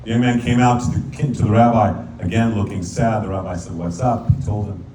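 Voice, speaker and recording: A rabbi telling a folk tale as a sermon, lively and playful, now and then singing verses in Hebrew. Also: male voice, lowish voice, a little fast. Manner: animated storyteller, sings Hebrew verses. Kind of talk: storytelling sermon. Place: synagogue sanctuary. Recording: echoey hall, distant mic, faint room noise.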